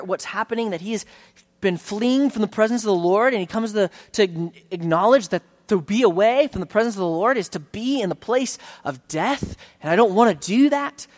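A pastor giving an earnest, conversational sermon in a church, often restarting phrases and slowing down on key words. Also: male voice, high voice. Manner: earnest, conversational preaching with frequent restarts and slowed emphasis.

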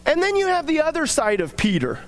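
A young man with a strikingly high voice gives a casual devotional talk. He rambles in a chatty, filler-heavy way as he tells a story and draws a lesson from it. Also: huge pitch swings, brisk. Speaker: devotional speaker.

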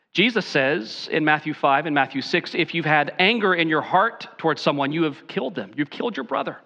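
A man's voice: sits high, bright, forceful tone. A pastor preaching an earnest sermon with folksy asides, a man speaking in a dull lo-fi recording.

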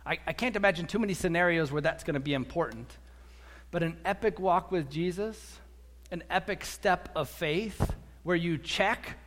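A man preaching a sermon as a pastor, animated, acting out quotes and repeating words as he goes. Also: a little high, normal speed. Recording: echoey hall.

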